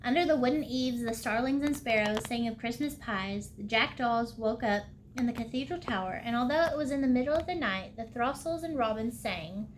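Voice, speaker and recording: A woman reads a storybook aloud for a library storytime. Her voice sits a little high and the pace is unhurried, with small slips and the odd throat-clearing. A faint hiss runs underneath.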